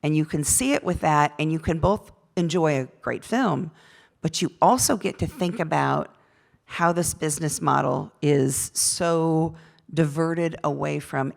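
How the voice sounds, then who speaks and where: A woman with a low, heavily gravelly voice talks on a festival panel stage. She is earnest and unhurried, filling pauses with fillers as she gathers her thoughts. Her voice is rough from a late night. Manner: earnest, searching for words with many fillers. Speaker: union representative on a panel. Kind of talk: panel discussion.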